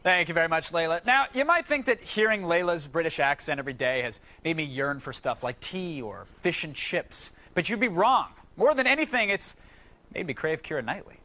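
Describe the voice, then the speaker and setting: A man's voice: on the high side, lively intonation, a little fast, pushed and bright, faint music behind. A man hosting a TV show with goofy, hammy patter and mock-dramatic narration. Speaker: TV host.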